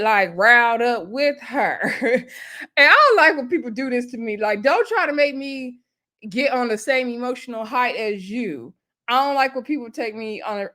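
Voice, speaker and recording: A woman with a fairly high-pitched voice retells a reality show episode in loose, casual chat. She is opinionated and chatty, with slangy asides and frequent laughs. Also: bright, forceful tone. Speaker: reality TV recap host.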